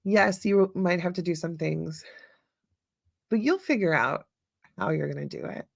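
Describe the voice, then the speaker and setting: A woman's voice: lowish voice, a little slow, gravelly, dry recording, clean studio sound. A middle-aged woman hosting her own podcast, talking casually and upbeat, laughing often and filling her talk with fillers. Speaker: podcast host. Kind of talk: casual solo talk with listener comments.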